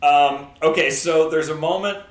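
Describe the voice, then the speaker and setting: A man's voice: on the high side, normal speed, roomy sound. A man casually recapping a movie on a podcast, rambling and acting out quoted lines.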